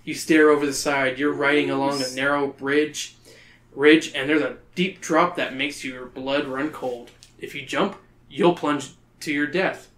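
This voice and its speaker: A man's voice: mid-range voice, fairly even intonation, unhurried, a bit bright. A man hosting a podcast, reading a children's book aloud in a playful, joking way. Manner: playful, breaking into laughter. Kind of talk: comedic read-aloud of a kids' book. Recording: roomy echo.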